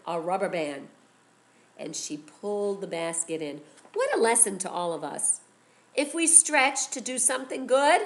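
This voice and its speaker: A woman teacher telling a story to children, animated and expressive, often asking questions. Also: fairly high pitch.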